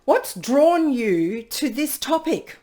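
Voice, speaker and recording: A woman leading an online workshop over a video call, lively and playful, acting out what people think to themselves. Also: sits high, slow pace. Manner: lively, playfully acts out people's inner dialogue. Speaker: workshop facilitator.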